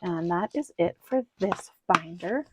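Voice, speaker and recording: A woman's voice: lowish voice, expressive, unhurried, background noise. A woman talking casually through her monthly cash budget, rambling with many ums and counting bills under her breath. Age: adult with children. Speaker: budgeting vlogger. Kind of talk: casual cash-stuffing walkthrough.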